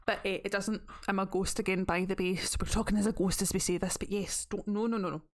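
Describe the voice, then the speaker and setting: A woman's voice: mid-range voice, fairly even intonation, quick pace. A Scottish woman streamer chatting casually to her viewers in a playful way, swearing freely. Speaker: variety streamer. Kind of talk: casual live-stream chat.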